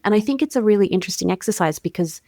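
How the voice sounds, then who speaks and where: A woman's voice: medium pitch, expressive, racing, no room sound, studio quality. A woman with an Australian accent, a communications coach speaking as a guest in a conversational podcast interview, articulate and explanatory. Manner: articulate, warm, explanatory with everyday fillers.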